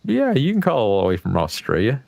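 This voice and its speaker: A man's voice: medium pitch, wildly swooping pitch, fast talker, creaky, a little mellow, dry recording. An American man hosting a casual livestream chat, talking in a folksy, profane, rambling way. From United States. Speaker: livestream host.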